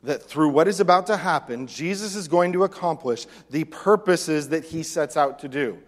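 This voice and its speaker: Guy preaching, kinda high voice, big echoey hall sound, does the disciples' voices. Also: moderate pace. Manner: animated, acts out the disciples' lines. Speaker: pastor. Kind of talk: sermon. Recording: long reverb of a hall.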